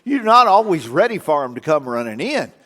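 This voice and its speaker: A man's voice: on the high side, a little fast. An older man, a guest speaker telling folksy, humorous stories and breaking into animal calls. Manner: lively, imitates animal calls. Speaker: guest speaker at a church event. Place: church sanctuary. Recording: long reverb of a church hall.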